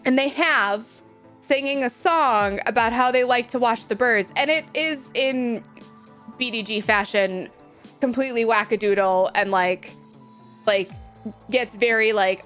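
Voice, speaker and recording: Giggly woman streamer, slightly high voice. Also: a little slow, a bit bright. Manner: chatty, giggly, peppered with "like"; reads viewer messages aloud and reacts. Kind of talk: casual chat with live chat. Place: home room with a window. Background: faint game music.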